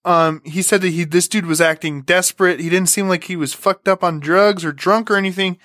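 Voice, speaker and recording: A man's voice: high-pitched, fairly even intonation, a little fast, fairly bright tone. A man hosting a podcast, talking casually, laughing often and swearing freely. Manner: laid-back, profane, laughs a lot. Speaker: podcast host.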